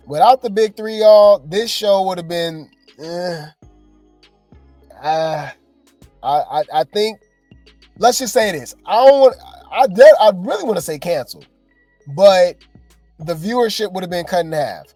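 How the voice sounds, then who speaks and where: A man doing reality TV gossip commentary, animated and exasperated, talking straight to his viewers. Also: high voice, dry recording.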